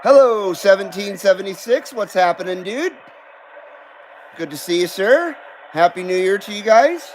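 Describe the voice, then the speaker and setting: A man's voice: high-pitched, animated, moderate pace, a little hiss or hum, poor audio. A man hosting a live radio-hobby stream, chatting casually and swearing freely as he greets viewers by name. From Southern California. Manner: laid-back, profane, greets viewers by name. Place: home in Carson City.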